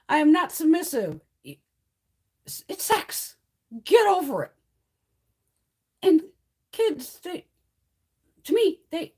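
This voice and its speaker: Beauty vlogger woman on a livestream, husky and high, with a profane, heated ranting delivery. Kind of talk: casual livestream chat.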